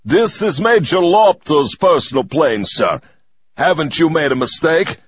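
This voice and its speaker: A man's voice: on the high side, lively intonation, unhurried, husky, no room sound, muffled recording, pitched above the performer's own voice. A man doing a grizzled, suspicious old sergeant.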